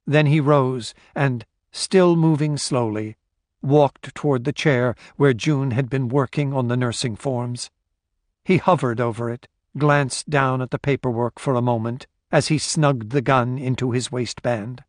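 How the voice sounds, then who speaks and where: A male narrator with a medium voice reads a thriller in a measured, steady way. The recording is close and completely dry, with no room sound. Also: mid-range voice, no room sound. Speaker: audiobook narrator. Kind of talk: scripted narration.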